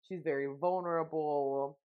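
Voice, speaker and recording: A young woman with a low, steady voice co-hosts a podcast, talking a little slowly. She chats casually and rambles, with plenty of fillers and restarts, on a muffled lo-fi recording.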